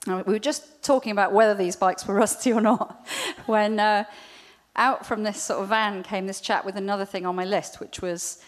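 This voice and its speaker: Flat-voiced woman in a reverberant hall. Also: medium pitch, normal speed. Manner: chatty, with frequent ums and asides. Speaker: conference participant sharing a story. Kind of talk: spoken testimony to an audience.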